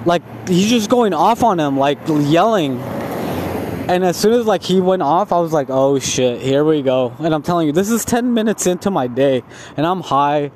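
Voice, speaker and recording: A man's voice: a little high, moderate pace, darkish tone, a little hiss or hum. Rambling stoned man telling a story. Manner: repetitive, profane, full of "like" fillers.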